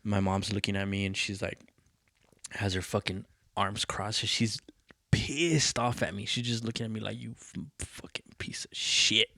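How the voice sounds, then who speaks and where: Podcast host, male, lowish voice, dry close sound; swearing, animated storyteller. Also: moderate pace, dry recording. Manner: profane, animated, acts out quoted voices. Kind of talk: casual storytelling.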